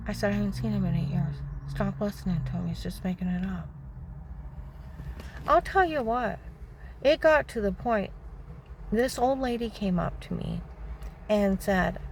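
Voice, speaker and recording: A woman's voice: mid-range voice, a little hiss or hum. A middle-aged woman vlogging, telling a personal story in a casual monologue and indignantly retelling back-and-forth dialogue.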